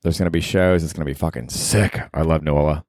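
Deep-voiced profane comedian rambling. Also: male voice, fast, no room sound, clean studio sound. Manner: profane, rambling, self-mocking, with bursts of excited emphasis. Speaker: comedian and podcast host. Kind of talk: casual solo podcast monologue.

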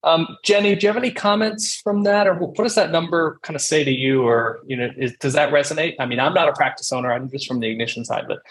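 A man from a software company hosting a webinar presentation, casual and filled with ums and uhs. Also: a little high, fast, few pauses, rough recording.

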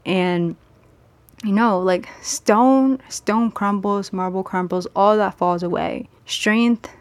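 A woman's voice: medium pitch, no room sound. Woman doing a solo podcast, candid chatty talk, dry close mic. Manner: candid, conversational, speeds up and slows down for emphasis. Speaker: podcast host.

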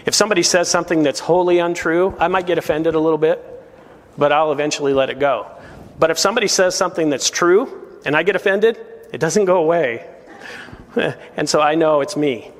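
A male pastor delivers a sermon in an earnest, emphatic way, pressing his listeners with questions. His voice sits a little higher than most men's. The sound carries a long reverb, as if from a large hall. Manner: earnest and emphatic, full of rhetorical questions to the congregation. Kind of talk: verse-by-verse sermon.

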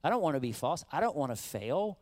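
A middle-aged man delivers a sermon from the pulpit in a slightly high voice. He preaches in an animated, conversational way, slipping into acted-out quotes and calling out to his congregation. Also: a little fast. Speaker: pastor.

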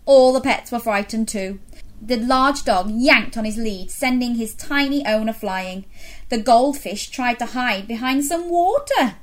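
A woman reading a story aloud for children, animated and pausing to ask them questions. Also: a little high.

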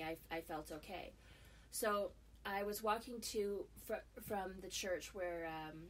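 A woman's voice: lowish voice, a little hiss or hum. Chatty middle-aged woman telling a story. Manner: lively, with frequent fillers and restarts. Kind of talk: casual spoken storytelling.

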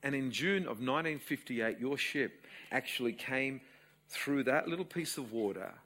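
During a sermon, a man in his sixties who is a pastor with an Australian accent shares a family story with the congregation. He tells it in an animated storytelling way, with a medium-pitched voice and a moderate pace.

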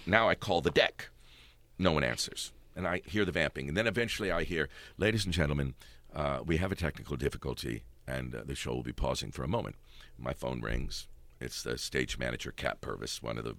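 Middle-aged man, very deep and bright, animated raconteur. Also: a little fast, gravelly, no room sound. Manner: animated storyteller, laughing often. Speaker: stage actor telling anecdotes. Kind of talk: casual storytelling chat.

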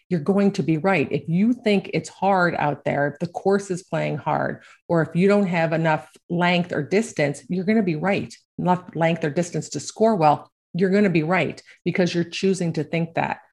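A low-pitched middle-aged American woman speaks as a golf coach in an easy, conversational way. She keeps tagging her points with a quick "right?" and laughs lightly while telling her stories. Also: darkish tone. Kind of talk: casual talk.

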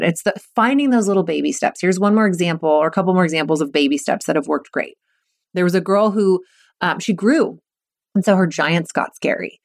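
A woman's voice: mid-range voice, dry recording, studio quality. A woman mental performance coach talking energetically on a podcast, encouraging and acting out what kids and coaches say. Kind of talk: podcast monologue.

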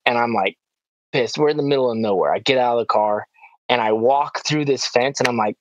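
A male podcast co-host telling a story in a casual chat, excitable and animated, with lots of "like" and "dude". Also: medium pitch, no echo, muffled recording.

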